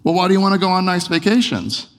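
A man's voice: sits high, quick pace, a bit bright, big-room sound. A man preaching a sermon in a conversational way, firing off a chain of rhetorical questions. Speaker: pastor.

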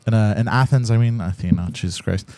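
A man's voice: on the low side, quick pace, mellow, no room sound. A young man hosting a podcast in crude, joking casual chat. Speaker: podcast host.

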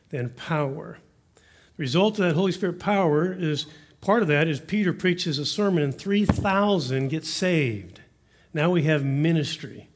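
A man, preaching a sermon as pastor, earnest and hushed when he prays. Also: a little high.

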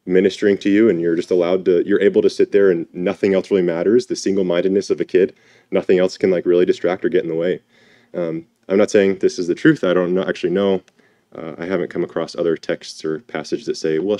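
Casting note: male preacher, deep warm voice, relaxed reflective delivery, dry close sound. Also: dry recording. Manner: casual, reflective, with many fillers. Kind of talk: informal sermon with scripture reading.

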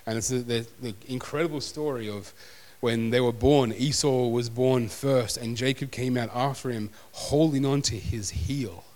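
A man's voice: mid-range voice, steady tone, moderate pace, a little mellow. A man preaching a sermon as pastor, conversational and self-deprecating. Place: church hall. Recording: long hall reverb.

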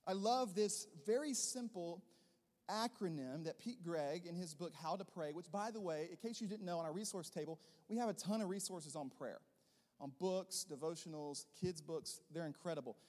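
A man preaching a sermon as a pastor, rising into loud emphatic bursts and then dropping into softer, quieter teaching. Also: high voice, normal speed, long reverb tail.

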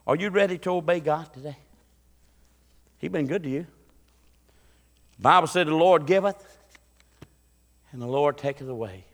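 A man preaching a folksy sermon as pastor, building into excited preaching and acting out voices. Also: fairly high pitch, normal speed, pauses often, in a large hall. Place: church sanctuary.

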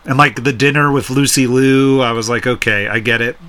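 A man's voice: mid-range voice, fairly bright tone. A man co-hosting a film podcast in casual chat, laughing a lot and acting out quotes. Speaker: podcast co-host.

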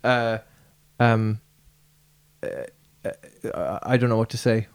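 Very low-voiced woman chatting, halting. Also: flat delivery, a little mellow, clean tone. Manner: hesitant, many restarts and fillers. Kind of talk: casual chat.

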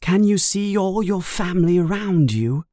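A man's voice: high voice, moderate pace, dry recording, clean studio sound, pitched above the performer's own voice. A man reading a storybook aloud, voicing a young schoolboy wizard in an eager, earnest way. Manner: excited, earnest.

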